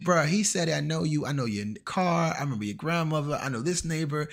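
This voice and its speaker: A man streaming a game, chatting casually and acting out the people in his stories in an animated way. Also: fairly high pitch, quick pace. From Washington, DC area. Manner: animated, acts out quoted people. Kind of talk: casual storytelling while gaming.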